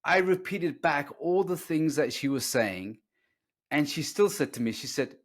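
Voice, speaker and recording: A man hosting a podcast as a relationship coach, telling stories in an animated way and acting out arguments with a raised voice. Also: on the high side, unhurried. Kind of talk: casual podcast chat.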